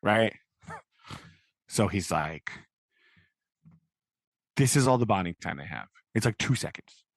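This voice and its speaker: A man's voice: fairly low pitch, expressive, slow pace, pauses often, no room sound. A man co-hosting a podcast, recapping a film in casual, rambling chat full of filler words. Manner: rambling, many filler likes. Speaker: podcast co-host.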